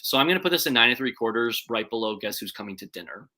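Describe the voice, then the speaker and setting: A man's voice: lowish voice, expressive, rapid-fire, pushed and bright. A young man casually ranking movies on a live stream, rambling and correcting himself with enthusiasm. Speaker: movie reviewer.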